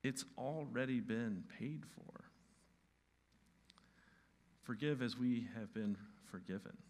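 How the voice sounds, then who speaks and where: A male pastor giving a sermon, moving from hushed, soft lines to loud, emphatic ones. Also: medium pitch, slow.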